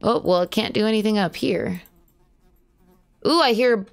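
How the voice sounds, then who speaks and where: A woman's voice: mid-range voice, normal speed, vocal fry. A woman streaming a horror game live, chatting to viewers, yelping at jump scares and swearing casually. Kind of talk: live horror gameplay commentary.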